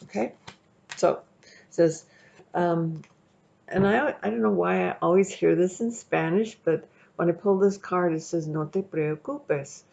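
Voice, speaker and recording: Chatty tarot reader, woman, gravelly low-fi sound, loose rambling delivery. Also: unhurried, darkish tone. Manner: chatty, rambling, checks in with "okay?". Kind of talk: casual tarot reading to camera. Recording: dull lo-fi recording.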